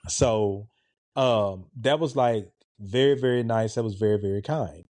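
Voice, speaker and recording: Man in his forties, relaxed, dark-toned storyteller. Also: on the low side, measured pace, no echo. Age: 40s. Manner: animated, conversational, with a laid-back, relaxed tone. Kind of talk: casual storytelling.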